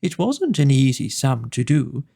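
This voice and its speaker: A man voicing a gentle, simple-minded toy bear in a slow, agreeable way. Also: medium pitch, sing-song, vocal fry, slightly rough, heavily acted.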